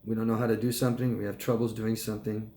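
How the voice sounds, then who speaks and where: A man working as a life coach, answering viewer questions live in a calm, conversational way. He keeps checking in with "right?" and "okay?". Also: on the low side, racing, echoey room. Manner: calm and reassuring when advising.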